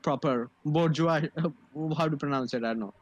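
A man's voice: a little high, moderate pace, lo-fi sound. A young man from India, telling a rambling, profane story in casual chat and laughing often.

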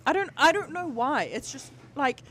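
A woman's voice: high voice, big pitch swings, moderate pace, fairly bright tone, slight background noise. A woman co-hosting a casual podcast, rambling, swearing freely and using lots of fillers. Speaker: podcast co-host.

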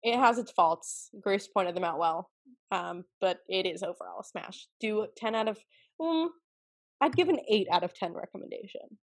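A woman from the United States co-hosting a casual podcast, lively and jokey and laughing often. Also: medium pitch, normal speed. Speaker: podcast co-host.

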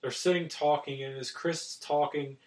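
A man's voice: a little high, fairly even intonation, normal speed, a little mellow, distant mic, slight background noise, low-quality recording. A man recapping a film's plot in a casual chat, with some fillers.

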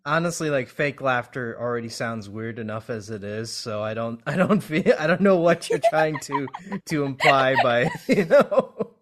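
A man interviews a voice actor in casual conversation. He speaks at a middle pitch and hesitates often, stumbling through restarts and fillers. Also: animated, normal speed.

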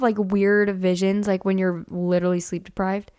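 A woman's voice: medium pitch, flat delivery, normal speed, darkish tone, clear, resonant tone, no room sound. Young woman podcaster, chatty and dry. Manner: chatty, full of "like". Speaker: podcast co-host. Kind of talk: reading scary stories aloud and casual chat.

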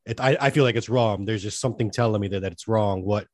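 A laid-back man co-hosts a casual podcast in an easygoing, chatty way. His voice is lowish and recorded dry and close. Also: quick pace, no room sound. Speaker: podcast co-host. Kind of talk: casual chat.

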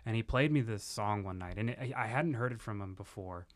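Easygoing podcast host, lowish voice. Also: male voice, a little fast. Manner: relaxed storyteller, swears, trails off and restarts. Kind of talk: casual chat.

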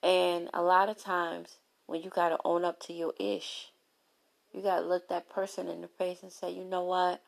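A woman giving a candid motivational talk on relationships, telling stories with lively, playful asides. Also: fairly low pitch, normal speed, gravelly. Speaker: relationship speaker.

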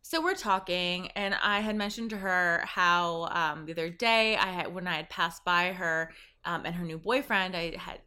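A woman's voice: on the low side, moderate pace, bright, forceful tone, smooth. A woman from Canada, hosting a podcast in a rambling, profane, casual chat and laughing at her own jokes. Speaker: podcast host.

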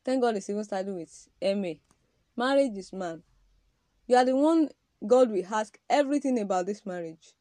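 A woman's voice: medium pitch, lively intonation, moderate pace, dark tone, no echo. A woman giving an emphatic, preaching-style podcast talk on marriage, addressing men directly with repeated rhetorical questions.

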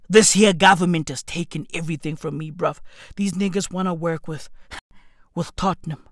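A woman's voice: lowish voice, a bit bright, dry recording, studio quality. A woman giving a profane, theatrical rant of mock despair in a vlog. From South Africa. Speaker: online commentator. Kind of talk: ranting vlog commentary.

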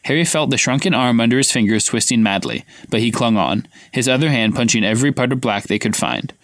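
A man's voice: mid-range voice, fast talker, a bit bright, no echo, clean studio sound. A man co-hosting a podcast, reading a novel aloud live and acting out the dialogue with a raised voice.

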